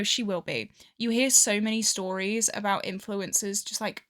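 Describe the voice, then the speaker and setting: A young woman chatting excitably and gossiping as she does her makeup for a get-ready-with-me vlog. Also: mid-range voice, moderate pace, hardly any pauses. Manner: bubbly, excitable and gossipy, with frequent laughs. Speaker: beauty vlogger. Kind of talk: get-ready-with-me chat while doing makeup.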